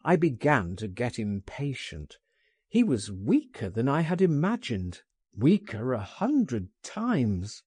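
An audiobook is narrated by a man whose mid-range voice is slightly rough, paced in a measured, expressive storytelling style. The recording is dry, with clean studio sound.

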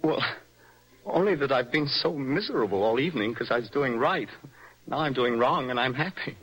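An actor playing a nervous, passionate young poet in an old-style radio drama, with a breathy, lyrical, theatrical delivery. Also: male voice, medium pitch, lively intonation, moderate pace, a bit bright, poor audio. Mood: dreamy. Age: young adult. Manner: swings between dreamy and impassioned outbursts. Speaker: romantic rival.

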